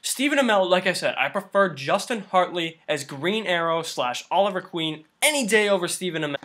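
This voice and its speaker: A man's voice: high voice, lively intonation, fairly quick, a bit bright, slight background noise. A man giving a casual, rambling review of a TV season, full of fillers. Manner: rambling, filler-heavy, lots of "like". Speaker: show reviewer.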